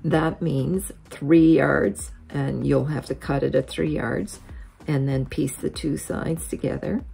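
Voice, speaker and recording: Low gravelly woman teaching quilting. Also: steady tone, takes it slowly, warm tone, soft background music. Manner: step-by-step explaining, methodical. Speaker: quilting tutorial host. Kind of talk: software screen tutorial.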